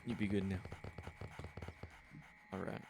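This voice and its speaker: A man's voice: deep voice, little pitch movement, slow, gravelly. A man giving casual, jokey commentary while playing a game, talking back to it and reading out codes. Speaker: let's play gamer. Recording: loud background noise with clicks.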